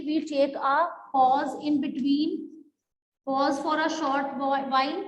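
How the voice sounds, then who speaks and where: Woman teacher, high voice, unhurried explanatory delivery, echoey hall-like sound. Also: fairly even intonation, slight background noise. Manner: slow, explanatory, drawn-out words. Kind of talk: online class teaching.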